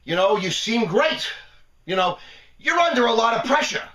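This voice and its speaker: A man's voice: very high-pitched, sing-song, normal speed, pushed and bright, reverberant, recorded from a distance, full character voice. A man putting on his blunt, worried older father-in-law. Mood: incredulous. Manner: exclaiming, incredulous.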